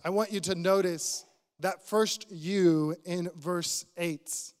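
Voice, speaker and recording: A man's voice: sits high, fairly even intonation, slow pace, darkish tone, big-room sound. A male pastor preaching a sermon in a church, earnest and probing, putting direct questions to his listeners.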